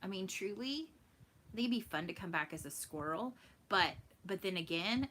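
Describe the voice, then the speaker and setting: Animated and brisk, a mid-range woman's voice with a fairly bright tone comes through over slight background noise. The Texas-accented host of a home stitching show laughs and chats with viewers live, responding to their comments.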